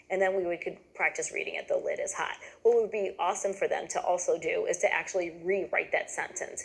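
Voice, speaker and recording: A woman's voice: fairly low pitch, vocal fry, poor audio. A woman giving a patient, step-by-step lesson to teachers, checking in often with "okay?". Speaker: teacher trainer.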